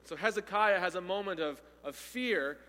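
A man preaching a sermon, retelling a story with animated delivery and acting out the quoted speakers. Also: high voice, moderate pace, in a large hall.

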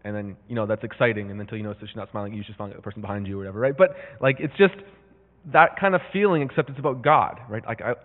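A man's voice: lowish voice, very fast. Man teaching scripture in an echoey hall. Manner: conversational, with many fillers and restarts; reads scripture aloud with rising intensity. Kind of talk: casual Bible teaching. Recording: tinny, phone-like sound in a reverberant hall.

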